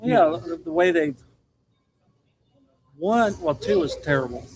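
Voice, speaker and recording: A man's voice: a little high, lively intonation, slow pace, background noise. A man who does wrestling commentary, telling stories and reminiscing in casual chat. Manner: storytelling, reminiscing. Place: busy pizzeria. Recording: crowd chatter behind.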